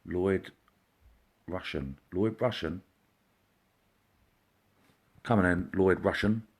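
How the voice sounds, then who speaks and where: A man, a psychic medium, hosting a casual live stream, chatty and greeting viewers by name, sometimes dropping into a quiet murmur. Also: sits low, takes it slowly, slightly rough. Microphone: computer or phone mic, live stream.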